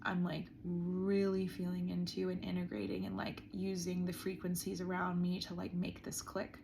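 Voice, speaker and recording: A woman vlogger sits on the floor indoors, musing earnestly in a diary-like monologue and leaning on frequent "like" fillers. Her fairly low voice is creaky and darkish, delivered completely flat at a moderate pace. Slight background noise is present.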